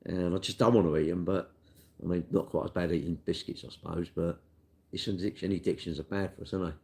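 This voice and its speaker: A man's voice: low voice, steady tone, quick pace, dark tone. A middle-aged man, a car dealer chatting casually on a live stream and answering viewer comments in a rambling way. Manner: chatty, rambling, tag questions like "innit".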